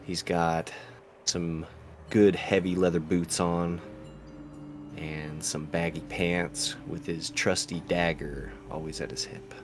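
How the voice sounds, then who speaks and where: A man playing a tabletop game, describing his character in a rambling, halting way with fillers. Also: sits low, little pitch movement, noisy background. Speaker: player. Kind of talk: casual tabletop play.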